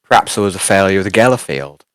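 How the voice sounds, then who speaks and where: Low-voiced man running a tabletop game. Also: animated, fast, smooth, no echo. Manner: hesitant, lots of ums and restarts. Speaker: game master.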